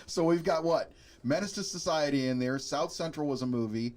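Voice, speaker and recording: A man hosting a casual podcast chat, relaxed, laughing easily and repeating himself as he talks. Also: on the high side, fairly quick. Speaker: podcast host.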